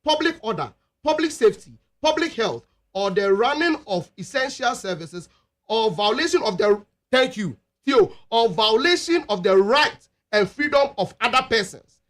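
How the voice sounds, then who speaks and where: A Ghanaian man on a radio talk show, reading out legal text haltingly and mixing English with Twi. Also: very high-pitched, animated, a bit bright. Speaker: radio panel guest. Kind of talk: radio debate, reading out a law. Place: radio studio.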